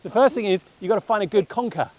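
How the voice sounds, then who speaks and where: A man speaking calmly and reassuringly in a casual vlog, then explaining a game playfully. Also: high-pitched, fast. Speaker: host. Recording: recording with noticeable background noise.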